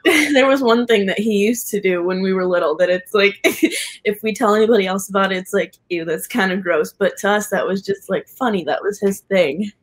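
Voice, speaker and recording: A woman's voice: medium pitch, brisk, low-quality recording. A woman sitting for a psychic reading, giving short answers and laughing often. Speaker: sitter at a reading. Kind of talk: casual chat.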